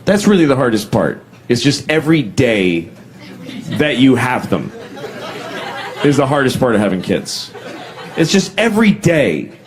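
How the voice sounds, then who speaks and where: A man performing stand-up, delivering wry, deadpan complaints. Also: medium pitch, measured pace, long pauses, some chatter behind. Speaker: stand-up comedian. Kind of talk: stand-up routine.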